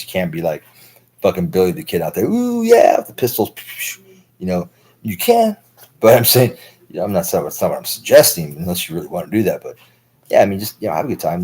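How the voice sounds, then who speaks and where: A man's voice: sits low, darkish tone, husky, poor audio. A man in his thirties talking through a long, profane, rambling monologue for his stream, full of filler words. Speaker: livestream host.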